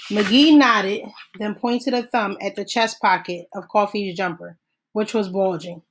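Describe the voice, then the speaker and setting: A woman narrating a novel in a steady, measured audiobook read-aloud. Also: medium pitch, a little hiss or hum, rough recording.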